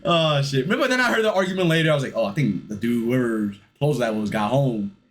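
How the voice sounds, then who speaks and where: Fast, lively man chatting bluntly. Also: medium pitch. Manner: blunt, slangy, swears freely. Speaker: reaction video host. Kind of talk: casual reaction chat.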